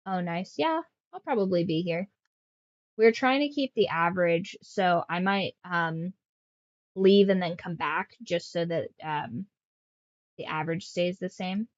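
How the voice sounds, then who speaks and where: A woman's voice: fairly low pitch, unhurried, dry recording. A young woman streaming from home, chatting casually and rambling in baby talk to her pets. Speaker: streamer and author. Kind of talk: casual livestream chat. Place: room at home. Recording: slightly dull lo-fi stream audio.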